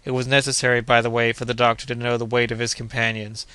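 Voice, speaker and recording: A man reading a classic adventure novel aloud as an audiobook narrator, in a measured, even manner. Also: mid-range voice, clean tone, dry recording. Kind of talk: scripted narration.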